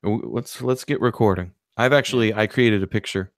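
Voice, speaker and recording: A man co-hosting a podcast, talking in an animated, profane, excitable way. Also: lowish voice, a little fast, no room sound, studio quality. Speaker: podcast co-host. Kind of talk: casual chat.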